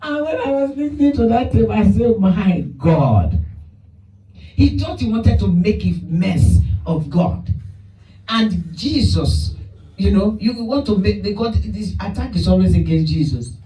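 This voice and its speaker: A man preaching a sermon who tells stories in an animated way and acts out the people in them. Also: sits high, moderate pace. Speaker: pastor. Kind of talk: sermon with storytelling. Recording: roomy sound from a distant mic.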